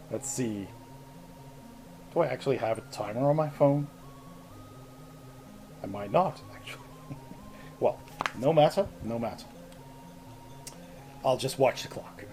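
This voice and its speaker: Slow-talking Dutch man streaming. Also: medium pitch, animated, warm tone, slight background noise. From Netherlands. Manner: chatty, laughs often between sentences. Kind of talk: casual gaming stream chat.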